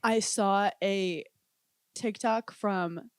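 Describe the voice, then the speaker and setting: A young woman co-hosting a podcast, chatting casually and telling animated, giggly stories full of "like". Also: mid-range voice, drawn-out words, smooth, no room sound, clean studio sound. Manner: giggly, animated storytelling with frequent "like". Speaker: podcast co-host. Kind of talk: casual chat.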